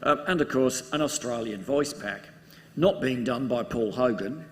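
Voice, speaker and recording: A man's voice: medium pitch, moderate pace, fairly bright tone. A man, a game developer, chatting casually on a convention panel, hesitant with many ums. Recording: echoey hall with faint background noise.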